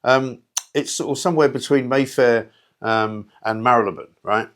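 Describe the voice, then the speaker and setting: A man's voice: medium pitch, normal speed, a bit bright. A man hosting a talk show, delivering a sardonic, rambling, opinionated monologue straight to listeners. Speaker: radio talk show host.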